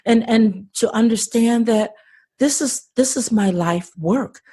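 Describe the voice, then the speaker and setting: A woman's voice: fairly high pitch, measured pace, warm tone, slightly rough. An older woman talking earnestly and with passion as a podcast guest, often repeating words as she starts a thought. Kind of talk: conversational interview.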